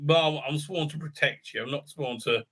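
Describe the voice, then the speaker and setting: Recapping a TV episode in a loose, joking, irreverent manner, this host rambles, stammers through fillers, and keeps saying "right?". He speaks at normal speed in a fairly high pitch with a fairly bright tone.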